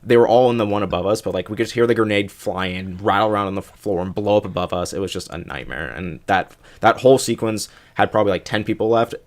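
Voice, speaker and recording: A man's voice: lowish voice, quick pace. A man co-hosting a podcast, telling game stories in casual chat, often laughing as he goes. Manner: laughing, animated storyteller. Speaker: podcast co-host.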